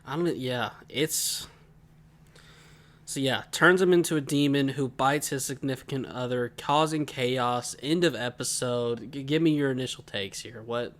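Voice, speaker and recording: A man co-hosting a casual podcast, telling a family story in a lively way and laughing as he goes. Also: mid-range voice, unhurried. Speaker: podcast co-host. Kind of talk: casual chat.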